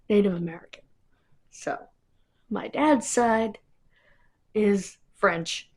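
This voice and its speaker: Husky-voiced woman rambling casually. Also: fairly high pitch, a little mellow. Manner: chatty, wanders between tangents. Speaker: vlogger.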